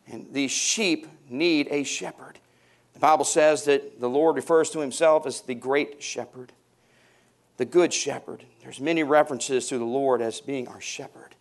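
Preaching man, hushed to booming. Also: measured pace. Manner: swings from hushed to loud, rising emphatic passages; calls for congregation responses. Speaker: pastor. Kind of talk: sermon.

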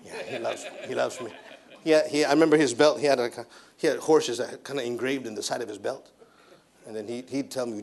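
A man's voice: mid-range voice, steady tone, a little fast, vocal fry, a little mellow. A man preaching a sermon as a missionary pastor, with an emphatic delivery that repeats phrases.

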